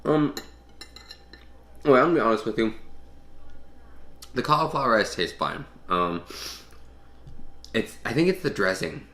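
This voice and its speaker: A man's voice: mid-range voice, sing-song, measured pace, pauses often, bright, forceful tone, reverberant. A man hosting a casual cooking and fitness vlog, chatty and full of ums as he tastes his food. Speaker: fitness vlogger.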